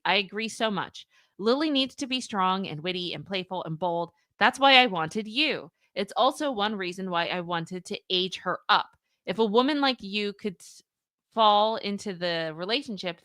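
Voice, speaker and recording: Bright-voiced woman hosting a live reaction. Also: medium pitch, no echo, studio quality. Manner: animated, laughing, reacts with disbelief while reading. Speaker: commentary livestream host. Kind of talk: live reaction commentary, reading texts aloud.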